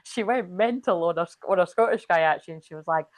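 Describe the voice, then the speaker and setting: A woman's voice: on the low side, quick pace, no room sound. A woman chatting casually on a livestream, rambling and swearing freely as she retells a story. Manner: chatty, swears freely, quotes others in a lively way. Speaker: spiritual reader and livestream host.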